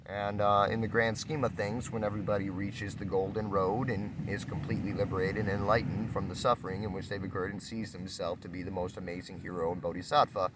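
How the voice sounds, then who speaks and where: A man's voice: on the low side, little pitch movement, brisk, hardly any pauses, background noise. A man giving a casual spiritual talk, rambling and repetitive, acting out quoted exchanges. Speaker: spiritual speaker.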